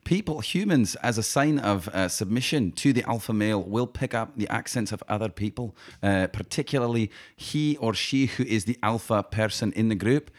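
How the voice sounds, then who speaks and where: A man's voice: on the low side, moderate pace, hardly any pauses. A man hosting and acting in an improv comedy scene, earnest and prone to repeating himself. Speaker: improv podcast host.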